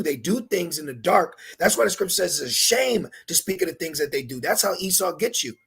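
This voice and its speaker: A man's voice: a little high, vocal fry, breathy edge. A man giving an emphatic scripture lesson as a religious teacher, mixing preaching with street slang.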